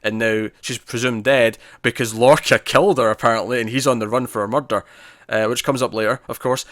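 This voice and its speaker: A man co-hosting a casual TV review podcast, recapping scenes in an animated way and acting out quoted lines. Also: medium pitch, brisk, no echo, studio quality. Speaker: podcast co-host.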